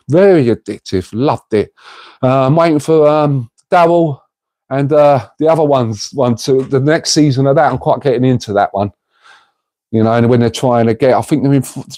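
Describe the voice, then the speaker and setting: Chatty man with a mellow voice. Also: a little high, dry recording. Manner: rambling, chatty, addresses viewers as mate. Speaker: livestream host reading chat. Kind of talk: casual livestream chat.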